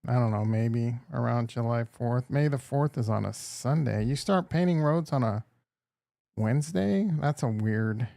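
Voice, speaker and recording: Gravelly, rambling man. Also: medium pitch, a little slow, mellow, dry recording, studio quality. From Upper Midwest. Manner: rambling, crude, joking with chat. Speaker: livestream host. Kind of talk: casual livestream chat.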